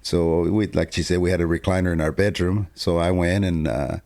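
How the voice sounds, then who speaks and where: A man telling a family story in a casual, animated way, laughing often and acting out what people said. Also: low voice, brisk. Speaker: co-host telling his testimony.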